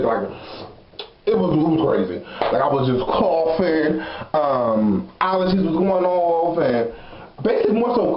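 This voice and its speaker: Sassy high-voiced young man telling a story. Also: reverberant, dull audio. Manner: sassy, animated storytelling with frequent laughs. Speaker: vlogger. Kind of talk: casual storytime vlog.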